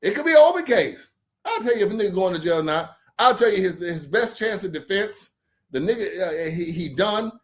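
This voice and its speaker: A man hosting a late-night livestream, talking in a rambling, profane, animated way. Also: sits high, brisk. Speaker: livestream host.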